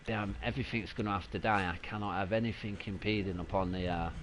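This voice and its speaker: A man giving casual, excitable live commentary while streaming a video game. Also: lowish voice, quick pace, background noise.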